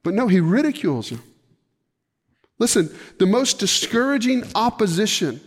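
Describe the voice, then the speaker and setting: A man with a fairly high voice preaches a sermon, telling a scripture story in an animated way. He acts out the quoted lines and slips into casual slang. His voice rings with a long reverb from a large hall. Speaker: pastor.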